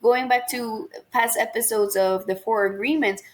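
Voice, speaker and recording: A young woman co-hosting a podcast in loose, casual conversation. Her voice sits a little high, and she acts out the people in her stories while swearing freely. The talk is relaxed and chatty. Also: normal speed. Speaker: podcast co-host.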